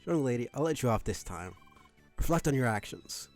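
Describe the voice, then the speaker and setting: A man's voice: mid-range voice, expressive, a little fast, soft background music, natural voice. A man doing a pompous self-appointed rule enforcer. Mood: condescending. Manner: lecturing, stiff and accusatory.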